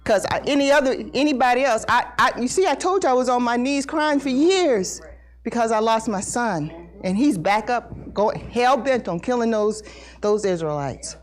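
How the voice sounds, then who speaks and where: A middle-aged woman giving an emotional personal testimony at a Bible study, earnest and halting, repeating words as she talks. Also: on the high side, expressive. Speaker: congregation member sharing testimony.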